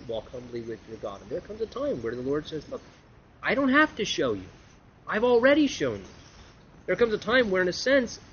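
Male preacher, animated sermon delivery, slightly high voice, muffled lo-fi recording with faint hiss. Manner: animated, acts out quoted voices with big pitch swings. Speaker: pastor. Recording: muffled, lo-fi sound with faint background noise.

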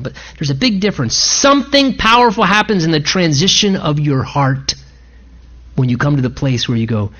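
A man's voice: on the high side, expressive, brisk, a bit bright. A man pastor delivers an impassioned sermon, his voice climbing and dropping with feeling as he pleads with the congregation. The church recording sounds a little muffled and lo-fi. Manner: earnest, impassioned preaching with pleading asides.

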